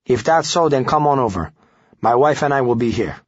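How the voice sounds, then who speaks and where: A man's voice: medium pitch, lively intonation, fairly quick, slightly rough, no room sound, dull audio, pitched above the performer's own voice. A man voicing a nervous, evasive middle-aged man with a thick Spanish accent in an audiobook. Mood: reluctant. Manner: hesitant, evasive.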